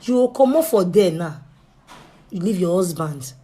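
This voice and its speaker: A young woman with a Nigerian Pidgin English accent, chatting straight to her viewers in a pleading, animated way that drops to a hush and rises loud. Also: fairly low pitch, moderate pace, slightly rough. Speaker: vlogger. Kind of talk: casual direct-to-camera talk.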